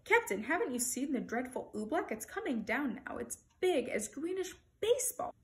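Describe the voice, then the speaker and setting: A woman's voice: high-pitched, sing-song, normal speed. A woman voicing a frantic, earnest young boy page who pleads breathlessly with the grown-ups. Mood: urgent.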